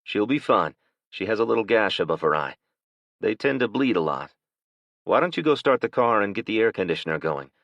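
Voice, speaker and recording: A protective father, as a male narrator puts him on gives urgent, commanding instructions. His voice is deep and firm. The recording is dry with a slightly muffled top end. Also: very animated, a little fast, fairly bright tone, no echo. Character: protective father taking charge.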